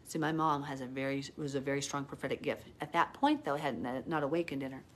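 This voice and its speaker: A woman's voice: extremely low pitch, lively intonation, fast, slight background noise. A middle-aged woman giving a live Bible teaching, talking in a hyper, chatty way full of "like" and turning earnest and emotional as she tells her story. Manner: earnest and emotional when retelling prayer.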